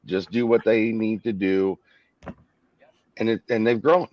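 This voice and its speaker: A man's voice: lowish voice, steady tone, a little slow, no room sound, muffled recording. A man hosting a casual live-stream chat, agreeing with guests and wrapping up with thanks to the chat. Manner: agreeable, wraps up with sign-off. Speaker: host.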